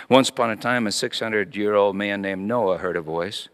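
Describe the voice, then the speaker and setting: A man's voice: lowish voice, animated, normal speed, vocal fry, few pauses, bright, forceful tone, clear, resonant tone, long reverb tail. A middle-aged male pastor preaching a sermon as a story, acting out his children's voices.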